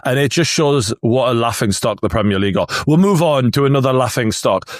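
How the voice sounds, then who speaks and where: A man hosting a casual football podcast, animated and swearing freely, laughing often. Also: medium pitch, fairly quick, no echo, studio quality. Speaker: podcast host.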